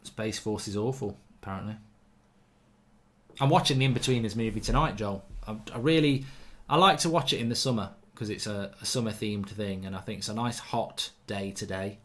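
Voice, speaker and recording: This lowish, slightly bright male voice belongs to the host of a live football watchalong. He chats casually, reads viewer comments aloud and doesn't hold back his strong opinions, getting riled up fast whenever the refereeing annoys him.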